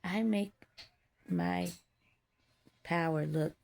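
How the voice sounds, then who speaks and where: A woman with a lowish, heavily gravelly voice full of vocal fry. She rants with defiance and profanity, stacking up emphatic declarations in a spiritual monologue. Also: extremely slow, darkish tone. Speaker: vlogger.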